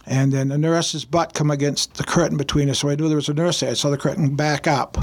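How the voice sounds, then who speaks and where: A pastor tells a personal story on a radio show, his voice a touch high for a man, with plenty of gravel in it. The tone is husky and a little rough. He speaks earnestly and haltingly, backing up and restarting his sentences. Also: little pitch movement, a little mellow.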